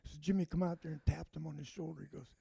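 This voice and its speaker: Older man, rambling anecdote, high voice, gravelly, dry close sound. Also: steady tone, quick pace, warm tone, dry recording. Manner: rambling, laughing storyteller, restarts often. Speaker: podcast guest. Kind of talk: casual anecdote telling.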